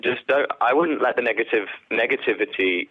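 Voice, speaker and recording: A man's voice: medium pitch, brisk, husky, no room sound. A man, a guest actor, talking earnestly and reflectively in a casual interview, heard over a phone line. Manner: reflective, earnest, with many fillers. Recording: tinny phone-line sound.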